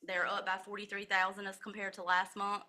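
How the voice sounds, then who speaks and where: A woman with a bright, clear voice reads through a county financial report at a commissioners' meeting. She walks through percentages and dollar amounts in a steady, methodical way and corrects herself briefly when she misspeaks. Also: medium pitch, brisk.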